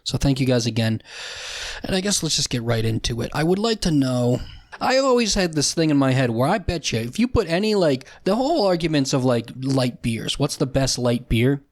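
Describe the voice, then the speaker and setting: A young man hosts a solo comedy podcast on a dry recording, his mid-range voice swinging widely in pitch at normal speed. He rants with profanity and sarcasm, often restarting his sentences.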